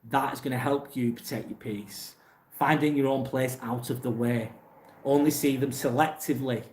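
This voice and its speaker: A man's voice: medium pitch, fairly even intonation, normal speed, a little mellow, slight background noise. Blunt English man in an echoey room. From England. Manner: blunt, plain-spoken, swears casually. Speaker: livestream host reading chat. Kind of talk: casual live chat.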